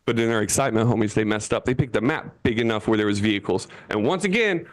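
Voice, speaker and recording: A man in his thirties from Florida doing a stand-up comedy set from his seat on an online show, jumping into high voices when he quotes people. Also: expressive, fast talker. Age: 30s.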